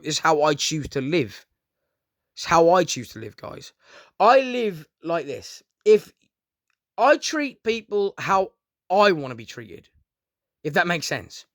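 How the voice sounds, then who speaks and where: A man's voice: sits high, fairly bright tone, no echo, clean studio sound. A man ranting in a rambling, casual monologue, swearing a lot and often calling his listeners "guys". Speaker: vlogger. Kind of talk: casual unscripted monologue to camera.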